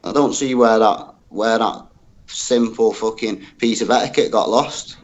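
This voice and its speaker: A man's voice: on the low side, a little slow. Blunt, swearing man on a dull call line. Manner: blunt, swearing, says "mate" constantly. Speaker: call-in guest on a livestream. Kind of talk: casual livestream talk.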